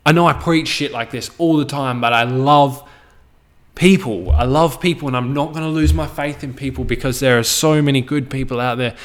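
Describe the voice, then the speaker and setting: A man's voice: medium pitch, moderate pace. Blunt, swearing Australian man. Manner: blunt, heavy swearing, preachy. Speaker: podcast host. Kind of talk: casual ranting monologue.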